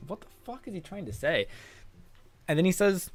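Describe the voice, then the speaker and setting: A man's voice: sits high, very animated, normal speed, pauses often, soft background music. Laid-back streamer guy, laughs a lot. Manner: laid-back, laughs often, swears, says "dog" and "man". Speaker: streamer reading chat and translating manga. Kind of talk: casual live-stream chat.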